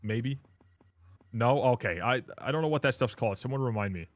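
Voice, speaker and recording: With a mid-range voice, brisk delivery and lively intonation, a man from Canada shoots the breeze on his live stream. He laughs frequently, swears without restraint, and calls everyone dude or brother.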